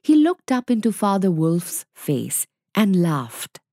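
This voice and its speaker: A woman reading a story aloud clearly and expressively for learners to follow. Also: medium pitch, sing-song, takes it slowly, warm tone, no room sound, studio quality. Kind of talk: slow read-aloud for learners.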